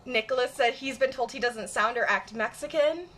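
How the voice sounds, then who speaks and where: Bright-voiced woman with a Michigan accent. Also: fairly high pitch, normal speed. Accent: general Michigan. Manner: blunt, emphatic, swears freely. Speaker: streamer. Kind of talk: casual chat with viewers.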